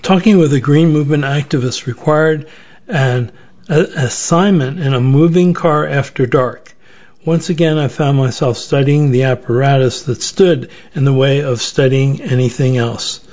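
A man, a journalist, reading his own first-person essay in a measured, reflective way with occasional restarts. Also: mid-range voice, a little mellow. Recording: slightly dull lo-fi recording.

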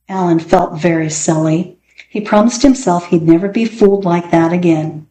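A woman narrating a children's storybook aloud with expressive, dramatic delivery. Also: lowish voice, moderate pace, a little hiss or hum. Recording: echoey room, faint ambience.

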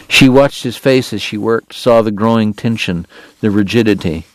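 A man reading a novel aloud in measured, deliberate narration. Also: fairly low pitch, no echo. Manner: measured, deliberate, pausing on lists. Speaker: audiobook narrator.

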